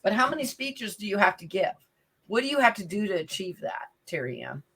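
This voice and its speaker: Bright-voiced playful woman. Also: medium pitch, very animated, slightly rough. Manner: playful, teasing, quick asides. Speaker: podcast co-host and life coach. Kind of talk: casual chat.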